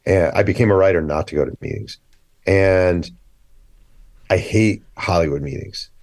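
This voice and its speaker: A man, an author guest on a podcast, telling animated stories, acting out quoted dialogue and speaking bluntly. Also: low-pitched, moderate pace, creaky, no room sound. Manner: blunt, opinionated. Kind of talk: casual podcast interview.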